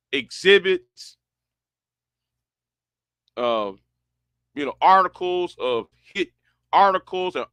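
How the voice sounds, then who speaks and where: A man's voice: high voice, bright, forceful tone, smooth, no room sound, studio quality. A man chatting casually and rambling, often stumbling and restarting his words, with a broad sound. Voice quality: stammering, many restarts. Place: Houston, Texas.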